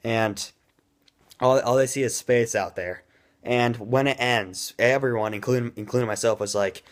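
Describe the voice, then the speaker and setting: A man giving a casual, rambling movie review in an excitable way, admitting he talks too fast. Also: medium pitch.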